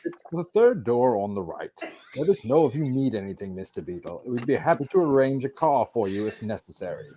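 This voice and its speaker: A man's voice: mid-range voice, sing-song, a little fast, warm tone, pitched below the performer's own voice. A man doing a prim British cartoon receptionist. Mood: polite. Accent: British, put on. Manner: clipped, overly proper. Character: polite helpful male hospital receptionist.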